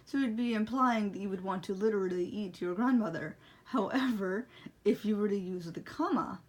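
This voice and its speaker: A woman's voice: mid-range voice, moderate pace, a little mellow. Young woman teaching braille, chatty and self-deprecating, keeps apologizing. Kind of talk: casual tutorial.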